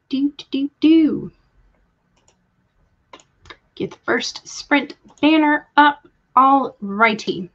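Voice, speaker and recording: Young Southern woman, casual stream host, friendly chatter, muffled lo-fi audio. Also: on the high side. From Georgia, US. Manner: chatty, greets viewers by name, laughs often. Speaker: livestream host. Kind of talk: casual livestream chat.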